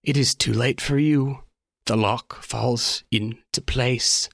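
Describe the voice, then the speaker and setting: A cold, ageless train conductor delivers a slow, solemn warning, as a man puts him on. The voice sits at an ordinary middle pitch for a man. It sounds grave and deliberate, like a figure from a spoken tabletop game. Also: fairly even intonation, creaky, no room sound, clean studio sound. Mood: ominous.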